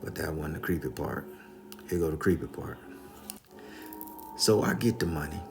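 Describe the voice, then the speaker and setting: A man's voice: very deep voice, moderate pace, creaky, music in the background. A man telling a spooky story casually and profanely, addressing the listeners directly. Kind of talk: comedic spoken storytelling.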